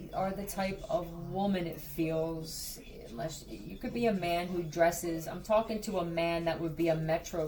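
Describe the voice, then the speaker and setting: A woman giving a blunt, profane psychic reading, talking straight to the viewer in a casual way. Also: fairly low pitch. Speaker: psychic reader.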